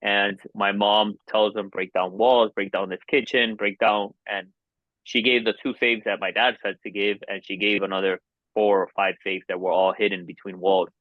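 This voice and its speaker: A man's voice: lowish voice, level tone, dry recording. Earnest man in his forties, dull dry sound. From Miami, United States. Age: 40s. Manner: earnest, halting, many restarts. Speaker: podcast guest. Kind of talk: personal storytelling.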